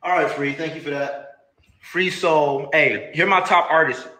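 A man's voice: fairly high pitch, fairly even intonation, measured pace. Man ranting in an echoey room. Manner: rambling, slips into shouted outbursts. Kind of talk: emotional confessional rant. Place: home, near a shower.

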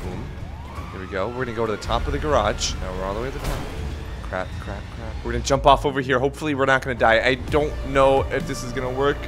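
A young man playing a robber in a role-play game, giving excitable, joking commentary to himself while he drives. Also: medium pitch, fast talker, over music. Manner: excitable, jokey, talks to himself while driving.

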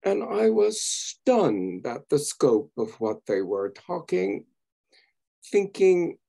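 A man's voice: a little high, big pitch swings, slow pace, gravelly, warm tone. A man moderating a church education event, thanking the speakers and speaking in a moved way. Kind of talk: public talk. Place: church meeting.

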